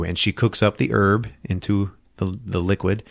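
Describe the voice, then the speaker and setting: A man hosting a podcast, recapping a film plot in a casual, profane, animated storytelling way on a close mic. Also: fairly low pitch, normal speed, creaky, dry recording. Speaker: podcast host.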